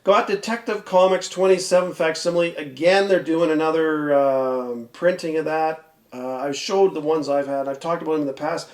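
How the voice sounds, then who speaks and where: A slightly hoarse man rambles through his weekly comic picks in a loose, chatty way. His voice sits a little high for a man and rings off the walls of an echoey room. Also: steady tone, normal speed. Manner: rambling, chatty, laughs often. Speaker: comic book video host. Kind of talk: casual chat.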